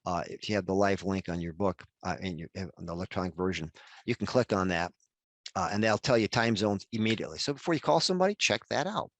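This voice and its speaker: A man's voice: low voice, lively intonation, fast, dry recording. Chatty older man leading a webinar. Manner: chatty, addresses attendees directly. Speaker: workshop presenter. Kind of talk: webinar workshop talk. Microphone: video call.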